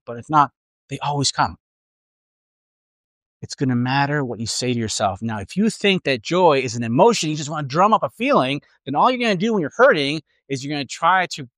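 A male pastor delivers an earnest, reflective sermon, pausing to let his points land. His voice sits at an ordinary middle pitch. The sound is dry, with almost no room echo. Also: fairly bright tone. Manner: earnest, reflective preaching with pauses. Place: church room with a congregation.

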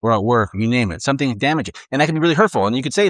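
A man's voice: mid-range voice, expressive, racing, a bit bright, no room sound, clean studio sound. A man preaching a conversational sermon, earnest, acting out the inner voices of his listeners.

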